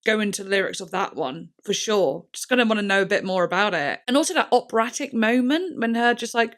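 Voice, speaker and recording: A woman hosting a music reaction video, chatting excitably, swearing freely and trailing off into fillers. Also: medium pitch, brisk. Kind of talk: casual reaction chat.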